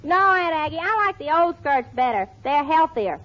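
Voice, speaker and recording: A woman's voice: sits high, animated, moderate pace, fairly bright tone. A woman playing a cheerful, naive country girl in a 1940s radio comedy, talking in folksy rural slang and giggling. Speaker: show star. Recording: muffled old radio broadcast, studio audience.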